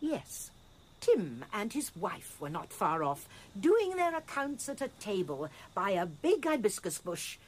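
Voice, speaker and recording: Older woman sleuth, radio play, lively melodic delivery, crisp and insistent. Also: mid-range voice, a little slow. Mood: explaining. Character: shrewd elderly spinster detective, determined. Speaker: amateur sleuth. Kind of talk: radio drama acting.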